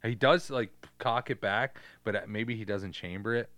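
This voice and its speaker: A man co-hosting a podcast, chatting loosely about a movie, swearing freely and slipping into quick impressions. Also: fairly low pitch, a bit bright, no room sound. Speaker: podcast co-host. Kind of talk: casual movie chat.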